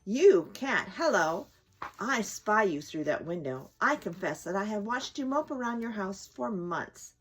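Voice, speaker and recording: Preachy squirrel lecturing through a window, lively slow storybook delivery; woman reads it. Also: mid-range voice, a little hiss or hum. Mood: earnest. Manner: lecturing, earnest. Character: chatty preachy male squirrel outside a window.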